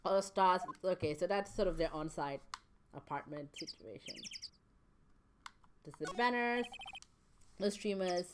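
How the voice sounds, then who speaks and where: A woman's voice: lowish voice, measured pace, pauses often, background noise. A woman streaming a video game, giggling and commenting as she reads along. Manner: giggly, animated.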